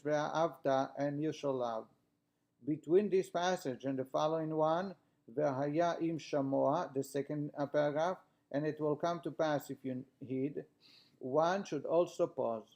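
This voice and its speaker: Man, teacher, reads aloud then explains, fairly high voice. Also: darkish tone. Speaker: rabbi teaching a class. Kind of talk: reading and explaining a text to a class.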